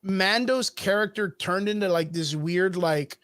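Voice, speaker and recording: This is a man with a high-pitched voice, talking casually as a podcast co-host. He is animated and swears freely, and the sound is dry and close. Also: unhurried, no echo. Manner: animated, profane, acts out scenes in put-on voices. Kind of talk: casual chat.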